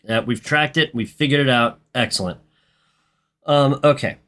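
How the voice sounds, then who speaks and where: A man co-hosting a casual movie podcast, recapping the plot in a relaxed, matter-of-fact way. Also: medium pitch, normal speed. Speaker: podcast co-host.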